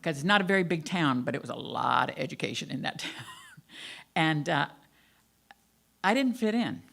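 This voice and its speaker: A woman's voice: low-pitched, expressive, normal speed, gravelly, a bit bright. An older woman minister with a faded Southern accent, giving a candid, self-deprecating sermon about her own life to her congregation. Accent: Southern American, faded. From American South. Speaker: guest minister. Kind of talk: sermon with personal storytelling. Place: church sanctuary.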